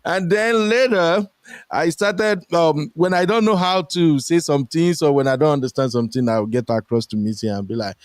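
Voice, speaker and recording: Lively Nigerian man hosting a chat. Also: moderate pace, no echo, studio quality. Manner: animated, pitch jumps when quoting people. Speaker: host. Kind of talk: casual chat. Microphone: streaming headset mic.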